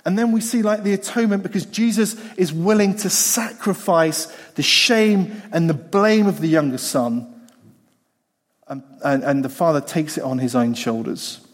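A man's voice: a little high, moderate pace. A man preaching a sermon in a conversational way, repeating phrases for emphasis. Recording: long hall reverb.

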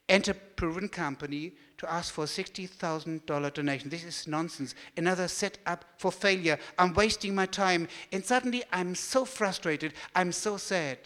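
A man with a German accent telling a story as he gives a talk, lively and animated. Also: high voice, normal speed, few pauses, big-room sound. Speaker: speaker giving a talk.

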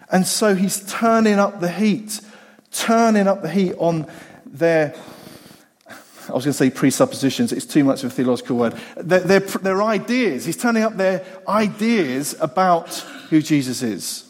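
Animated preacher in a reverberant hall. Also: male voice, high voice, moderate pace. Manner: animated, acts out the voices of the people in the story. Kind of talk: sermon.

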